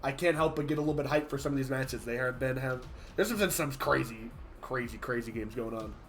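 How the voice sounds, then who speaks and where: A man hosting and casting a live gaming tournament in a casual, chatty way, his voice a little hoarse from being sick, with sudden loud excited outbursts. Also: mid-range voice, brisk, soft background music. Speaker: tournament host and caster. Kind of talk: casual live-stream commentary.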